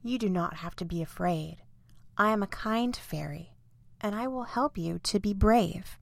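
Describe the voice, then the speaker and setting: A woman's voice: medium pitch, animated, a little slow, gravelly, no echo. A woman voicing a kind female fairy who speaks in a soothing, playful way.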